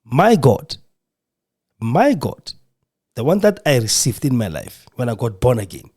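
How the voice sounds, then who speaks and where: A man's voice: mid-range voice, big pitch swings, unhurried, a little mellow. A man hosting a podcast, speaking in an impassioned, emotional monologue with a preacher's fervor. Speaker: podcast host. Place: radio studio.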